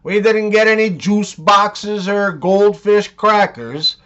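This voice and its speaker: A man telling scripted jokes in a deadpan way, leaning into the punchlines, on a dull lo-fi recording. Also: high-pitched, takes it slowly. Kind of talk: scripted joke narration.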